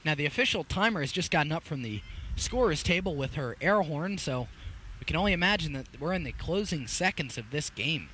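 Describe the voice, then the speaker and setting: A young man doing live play-by-play commentary on a school field hockey game, getting loud and excited on goals. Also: fairly high pitch, fairly quick, slight background noise. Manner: energetic, rises sharply on goals. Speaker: play-by-play announcer.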